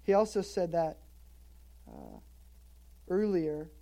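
A woman preaching in a church, her voice mellow and warm. She keeps a casual, conversational tone, drops joking asides, and leans in hard when she stresses a point. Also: lowish voice, slow pace. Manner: emphatic, lively delivery. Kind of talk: expository sermon. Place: church in Hawaii.

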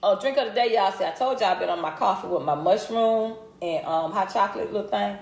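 A middle-aged woman hosting a livestream, chatting casually and greeting viewers by name with a lively, laughing manner. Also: medium pitch, brisk, gravelly. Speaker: livestream host. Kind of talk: casual live chat reading comments. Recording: roomy echo.

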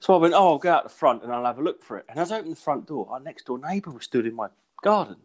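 A man's voice: a little high, expressive, rapid-fire. A man, a stand-up comedian, telling a story in a rambling way, short of breath and coughing, full of restarts and giggles. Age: adult with young kids. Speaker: stand-up comedian and podcast host. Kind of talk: casual storytelling chat.

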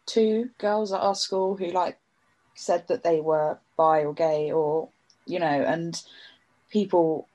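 A woman's voice: on the low side, steady tone, slow pace, mellow, lo-fi sound. Chatty young woman. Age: young adult. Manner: chatty, laughing often, acts out quoted voices. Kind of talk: casual chat.

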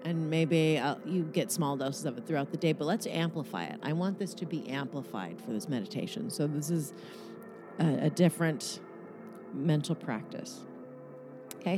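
A woman guiding a meditation in a loose, joking way, swearing freely as she talks. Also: low-pitched. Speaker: meditation guide. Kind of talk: guided meditation talk.

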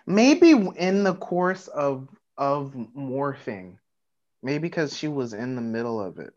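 A woman's voice: very deep voice, big pitch swings, slow, a little mellow, muffled recording. A woman co-hosting a podcast, chiming in with laughs during a casual movie recap. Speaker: podcast co-host.

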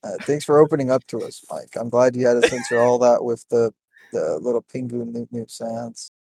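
A man co-hosting a podcast in casual chat, making dark jokes in a deadpan manner. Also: medium pitch, normal speed, creaky. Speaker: podcast co-host.

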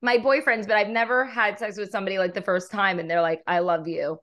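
A young woman hosting a casual podcast chat, giggly and animated, swearing freely. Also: mid-range voice, quick pace. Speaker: podcast host.

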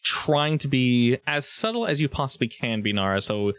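A man running a tabletop role-playing game as game master, giving quick, playful rulings to his players. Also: medium pitch, lively intonation, a bit bright, clear, resonant tone, no echo.

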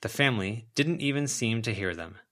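A man's voice: on the low side, expressive, brisk, a bit bright. Man reading an audiobook evenly. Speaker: volunteer audiobook narrator.

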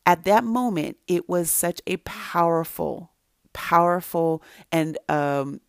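A middle-aged woman delivers an earnest, faith-based teaching, building her points through emphatic repetition. Her voice sits low and carries a gravelly fry. The sound is close and dry, with no room around it. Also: fairly even intonation, slow pace, dry recording. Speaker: Christian speaker to mothers.

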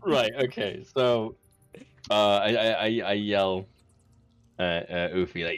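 A man playing a tabletop game, excitable and quick to swear, stumbling over restarts. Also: on the low side, clear, resonant tone, no room sound, faint music behind. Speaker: player. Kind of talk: casual tabletop game play.

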